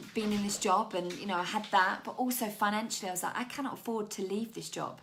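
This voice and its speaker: A woman's voice: medium pitch, gravelly, a bit bright, a little hiss or hum. A young British woman, a life coach, talking candidly and chattily to her viewers in a motivational video. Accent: British English. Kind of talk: motivational talk to camera.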